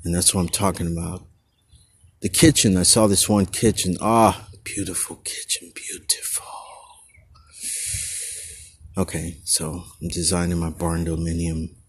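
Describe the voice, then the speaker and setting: Husky low-voiced dude rambling on his podcast, slangy, always going off on tangents. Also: level tone, normal speed. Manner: goes on tangents, restarts, slangy. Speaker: podcast host. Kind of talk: rambling casual monologue.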